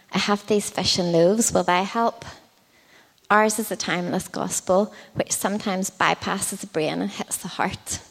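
A woman preaching a sermon in a conversational way, with frequent ums and likes. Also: mid-range voice. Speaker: children's ministry leader preaching. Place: church hall. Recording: long church hall reverb.

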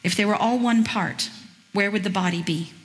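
A woman's voice: medium pitch, normal speed, long reverb tail. A woman giving a sermon as a guest speaker, talking conversationally with chatty asides and reading scripture aloud with expression. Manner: reads scripture aloud in a lively voice. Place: church.

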